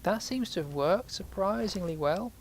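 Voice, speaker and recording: A man's voice: high-pitched, animated, normal speed, a little hiss or hum. Rambling man commenting on a game. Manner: rambling, swearing, self-mocking. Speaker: let's play host. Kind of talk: casual gameplay commentary.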